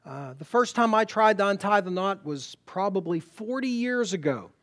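Emphatic preacher man, pitch on the high side. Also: expressive, moderate pace. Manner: emphatic, repeats words, rising to loud punchlines. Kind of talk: sermon.

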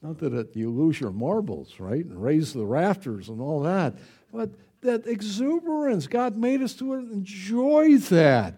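A middle-aged pastor with a high voice and a breathy edge preaches at a measured pace. The sermon is conversational and animated, marked by exuberance and chatty remarks to the congregation.

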